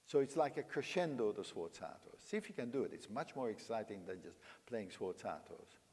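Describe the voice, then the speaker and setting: Coaching a young pianist in a master class, this older man speaks a little fast in a low-leaning, slightly mellow voice with lively intonation. He sings lines aloud and presses his pupil with emphatic, coaxing instructions; the recording has piano and the long reverb of a large hall.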